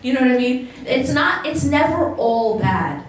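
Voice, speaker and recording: A woman's voice: high voice, animated, normal speed, a little hiss or hum. A woman giving a religious talk to a live audience as an Islamic lecturer, engaging the crowd with questions. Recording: echoey hall, voice picked up from a distance.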